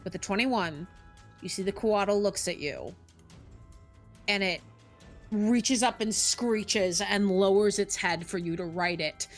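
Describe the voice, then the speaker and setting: A woman's voice: medium pitch, slow, long pauses, faint music behind. A woman narrating as game master of a tabletop game, upbeat and often laughing.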